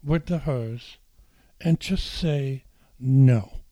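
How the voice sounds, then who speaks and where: A man voicing a calm, gently insistent female workshop facilitator. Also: mid-range voice, extremely slow, no room sound. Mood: coaxing.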